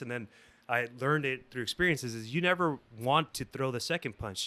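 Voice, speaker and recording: A man guesting on a podcast, telling a story in casual, rambling, swear-heavy talk. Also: mid-range voice. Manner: profane, rambling, animated.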